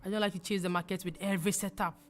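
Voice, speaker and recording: A young woman from Ghana hosting a live trading stream, talking fast as she reads viewer comments aloud and answers them. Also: medium pitch, fairly even intonation, faint music behind. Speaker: forex trading livestream host. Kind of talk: casual livestream chat reading viewer comments.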